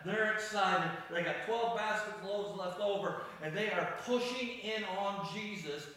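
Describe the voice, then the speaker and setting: Male preacher, sermon, animated storytelling, fairly high voice, roomy echo. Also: measured pace. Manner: animated storytelling, acting out scenes. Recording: echoey room.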